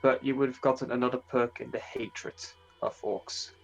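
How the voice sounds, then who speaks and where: A man's voice: mid-range voice, steady tone, moderate pace, creaky, faint music behind, low-quality recording. A man running a tabletop game as game master, casually explaining rules with hesitant restarts.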